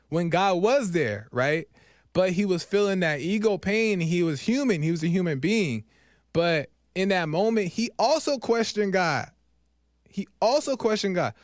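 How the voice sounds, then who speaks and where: In a clean studio recording with no echo, a man hosting his own podcast drifts through a casual spiritual reflection. He's expressive and measured in pace, leaning on "right?" and "um," and lowers his voice softly when he retells scenes.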